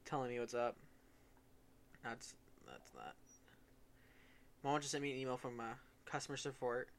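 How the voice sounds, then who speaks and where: A man's voice: mid-range voice, steady tone, moderate pace, a little hiss or hum. A teenage boy co-hosting a podcast, chatting casually and laughing often as he tells stories. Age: teens. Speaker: podcast co-host. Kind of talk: casual chat.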